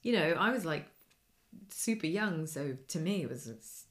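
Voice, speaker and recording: A middle-aged woman co-hosting a podcast, telling an animated anecdote in casual chat. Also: sits low, moderate pace. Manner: animated anecdote-telling, acts out quoted voices. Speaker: podcast co-host.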